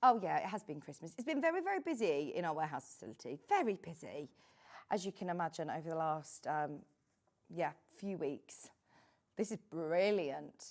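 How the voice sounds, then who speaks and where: A woman's voice: deep voice, sing-song, moderate pace. A middle-aged woman presenting on a shopping channel, chatting casually and drifting into friendly asides while selling fabric. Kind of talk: live TV sales chat.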